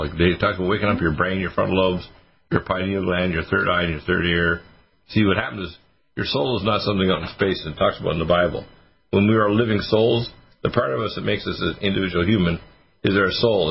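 A man's voice: low voice, vocal fry, husky. A man, a doctor and regular host, answering listener questions on a call-in radio show, rambling through long lists with many fillers. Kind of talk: casual radio call-in advice. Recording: dull lo-fi radio audio.

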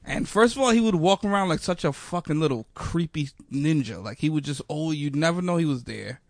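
A young man in casual chat, ranting in an animated way full of profanity. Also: a little high, fairly quick, no echo, studio quality.

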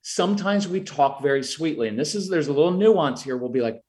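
A middle-aged man appears as a guest expert on parenting, answering interview questions in an earnest, explanatory way and sometimes acting out the lines he says to parents and children. His voice is on the high side, a little fast and a little mellow, with lively intonation.

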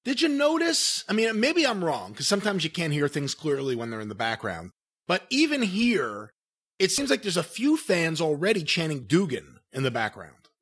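A man's voice: a little high, huge pitch swings, moderate pace, a bit bright, breathy edge. A man hosting a casual commentary chat, leading the talk and cueing clips. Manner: leads the talk, cues clips. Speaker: podcast host.

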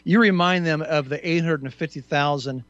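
A man hosting a call-in radio show, easygoing and agreeable, chiming in with quick affirmations. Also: a little high, fairly bright tone, no room sound, muffled recording.

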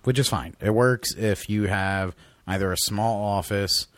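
A man's voice: on the low side, unhurried, no echo. A man, co-hosting a podcast in casual chat, sounding sick and telling stories with lots of swearing. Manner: swears a lot, animated storyteller. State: sick, deep-voiced. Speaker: podcast co-host.

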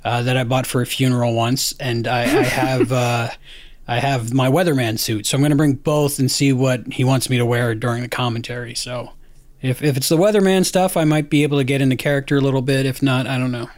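A man's voice: medium pitch, fairly even intonation, brisk, dry recording. A man hosting a casual podcast chat, rambling along with lots of fillers and restarts. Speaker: podcast host.

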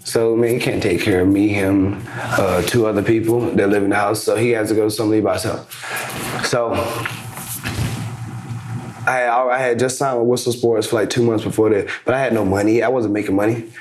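Animated young man telling a story in an echoey room. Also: fairly low pitch, normal speed, background noise. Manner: animated storyteller acting out quoted exchanges. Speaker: podcast guest, basketball influencer. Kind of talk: casual storytelling interview.

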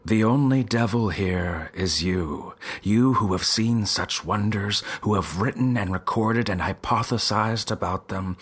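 A wounded, exiled male angel, voiced by a male reader, speaks in a solemn, accusing tone. His voice is deep and very husky. It is a storybook figure, read aloud. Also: a bit bright, exaggerated voice.

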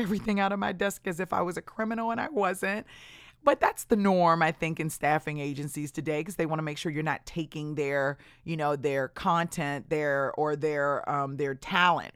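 A woman's voice: deep voice, dry recording, clean studio sound. A woman podcast host telling her personal story in a candid, conversational way, often acting out what other people said.

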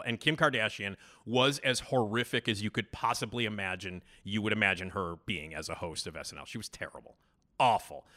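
A man's voice: fairly low pitch, pushed and bright. A man hosting a casual podcast monologue, rambling, blunt and opinionated. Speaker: podcast host.

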